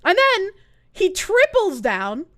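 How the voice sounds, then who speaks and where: A woman's voice: very high-pitched, wildly swooping pitch, takes it slowly, fairly bright tone, no room sound, studio quality. A woman streamer ranting live in heated, sarcastic, profane commentary. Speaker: Twitch streamer.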